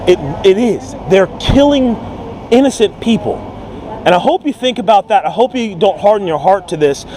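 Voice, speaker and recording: Earnest high-voiced street preacher. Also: male voice, a little mellow, a little hiss or hum, rough recording. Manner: earnest, pleading, repeats words. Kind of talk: open-air street preaching. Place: outdoors on a city street.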